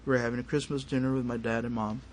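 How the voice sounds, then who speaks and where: A man's voice: medium pitch, rapid-fire, a little hiss or hum. A man, a paranormal investigator telling a story as a guest in a studio interview and acting out the family's lines. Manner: animated, acts out family dialogue. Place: radio studio.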